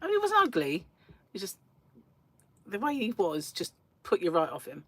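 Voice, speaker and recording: A woman's voice: mid-range voice, wildly swooping pitch, normal speed, a bit bright, slightly rough. A woman hosting a crochet livestream, chatting casually and rambling to her viewers, laughing often, from a small room at home. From England. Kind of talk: casual chat with live viewers.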